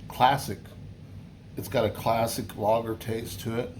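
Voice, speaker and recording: A man's voice: fairly low pitch, steady tone, unhurried, a little hiss or hum. A man talking casually through a beer review, easygoing and chatty, rambling with many fillers and restarts.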